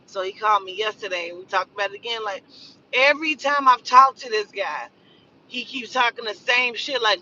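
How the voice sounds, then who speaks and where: A woman in her forties, a spiritual advisor, telling a story in casual, profane, animated talk and acting out the voices of others. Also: a little high, a little fast, far from the mic, highs cut off, slight background noise.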